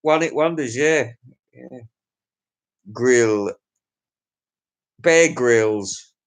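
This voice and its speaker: A man's voice: medium pitch, extremely slow, clear, resonant tone. A middle-aged man with an English accent, rambling crudely through a casual livestream chat with his viewers. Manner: rambling, crude, chuckling to himself. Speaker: livestream host.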